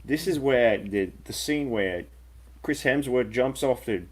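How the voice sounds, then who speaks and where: A man's voice: medium pitch, animated, a little slow. A man co-hosting a casual film review chat, rambling and swearing freely. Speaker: radio show co-host.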